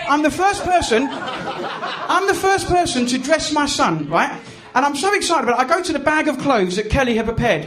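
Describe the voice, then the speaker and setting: A man's voice: very high-pitched, fairly bright tone. A man in his thirties with an English accent, doing a chatty, self-mocking stand-up set and teasing the audience. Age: 30s. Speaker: stand-up comedian. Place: comedy club stage. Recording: live club recording with crowd noise. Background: audience laughter and room noise.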